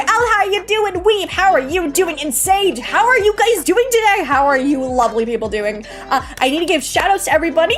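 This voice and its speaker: A woman's voice: very high voice, sing-song, a little fast, few pauses, fairly bright tone, soft background music. A woman streamer chatting casually on a live stream, bubbly and giggly, greeting and thanking viewers one by one.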